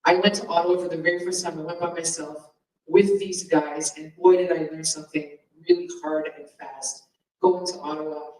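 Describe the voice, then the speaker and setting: In a comedy club's meeting hall, a woman who founded a comedians' association gives a rambling, chatty union speech full of asides and little laughs. Her voice is deep, steady, brisk and darkish, and the recording sounds roomy and distant.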